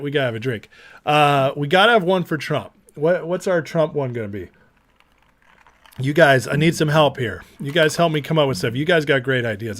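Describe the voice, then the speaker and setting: A livestream host with a fairly bright voice on the high side runs a casual watch party. Upbeat and chatty, he rapidly reads viewers' names aloud from the chat.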